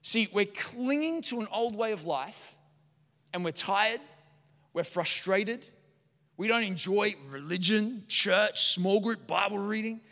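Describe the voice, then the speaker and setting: A man, a pastor preaching a sermon with energetic, joking storytelling. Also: sits high, slow pace, big-room sound. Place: large church hall.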